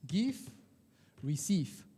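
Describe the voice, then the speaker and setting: A middle-aged man, coaching a live group of financial advisors in a lively, colloquial way, firing questions at the room. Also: high voice, extremely slow, breathy edge. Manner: animated, questioning the audience, colloquial with "lah" and "eh". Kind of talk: motivational workshop talk to a live group.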